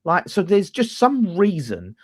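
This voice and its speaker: Animated football fan, lively pitch. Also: male voice, unhurried. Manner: animated, swears freely, talks over others. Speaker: fan channel host. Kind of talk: casual football debate.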